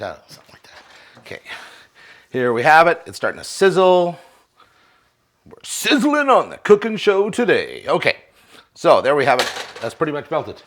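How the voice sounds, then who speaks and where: A man's voice: mid-range voice, a bit bright, a little hiss or hum. A man hosting a casual home cooking show from his kitchen, rambling and cracking jokey asides to the viewers as he cooks. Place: kitchen at a stove.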